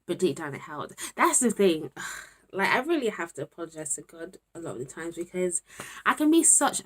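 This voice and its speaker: A woman's voice: on the low side, sing-song, fairly quick. A young woman, a student talking candidly to camera in a casual vlog, often dropping to a murmur. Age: 20s. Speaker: university student vlogger.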